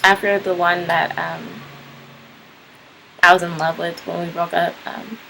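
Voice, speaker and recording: A woman's voice: lowish voice, little pitch movement, measured pace, vocal fry, fairly bright tone, a little hiss or hum, low-quality recording. A young woman casually telling a personal story to camera, rambling with lots of "like" and "um". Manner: rambling, frequent "like" and "um" fillers. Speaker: vlogger.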